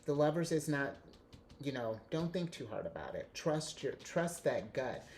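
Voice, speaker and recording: Excitable rambling male tarot reader. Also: mid-range voice, moderate pace, background noise. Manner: excitable, rambling, restarts often, laughs a lot. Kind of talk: casual tarot reading to camera.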